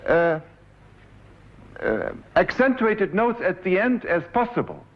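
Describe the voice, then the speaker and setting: This lecture recording from the 1970s sounds dull, and faint piano plays in the background. The speaker is a composer in his forties with a German accent and a high, sing-song voice who talks slowly. He walks through his piece step by step, directs the musicians, and sometimes hums the phrases as he demonstrates live.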